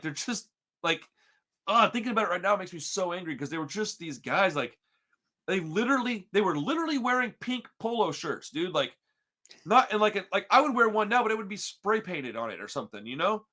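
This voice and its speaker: A man from Texas telling a story on a podcast in casual chat, slangy and animated, calling everyone dude and bro. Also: sits high. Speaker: podcast co-host.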